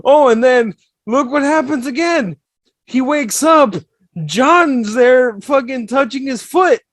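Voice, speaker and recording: A man co-hosting a casual podcast, talking in a blunt, profane and animated storytelling way. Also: very high-pitched, slow, no room sound. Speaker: podcast co-host.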